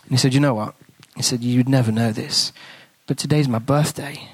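A man's voice: mid-range voice, normal speed, slightly rough, no echo. A man, a priest and guest speaker, telling a story in a sermon and acting out the conversations in it. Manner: animated storytelling, acts out dialogue, hushed in tender moments.

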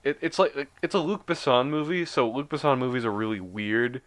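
A man co-hosting a casual chat, relaxed and opinionated, sometimes restarting his sentences. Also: mid-range voice, a little fast. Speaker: podcast co-host.

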